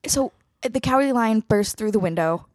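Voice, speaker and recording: A woman's voice: a little high, expressive, a little fast, darkish tone, no room sound, studio quality. A woman hosting an improv comedy sketch, talking in a hesitant, nervous way with lots of ums. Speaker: host.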